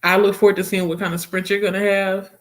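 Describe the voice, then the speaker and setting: Young woman chatting on her book livestream, reads comments out loud, laughs a lot, mid-pitched voice. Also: fast. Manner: chatty, expressive, laughs often. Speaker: booktube livestream host. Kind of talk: casual livestream chat reading viewer comments.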